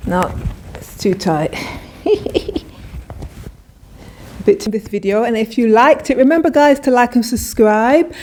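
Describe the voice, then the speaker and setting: A woman's voice: a little high, a little slow, a little mellow, slight background noise. A woman vlogger talking casually and enthusiastically through a clothing try-on haul, often restarting her sentences. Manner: chatty, enthusiastic, with frequent restarts.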